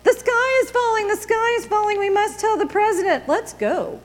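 A woman voicing a frantic, dim-witted hen who shouts in a shrill, panicky voice. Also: animated, moderate pace, big-room sound. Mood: panicked.

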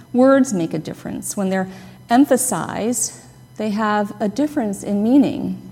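A woman pastor giving a conversational, gently humorous sermon, stressing key words. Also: medium pitch. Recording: long reverb of a hall.

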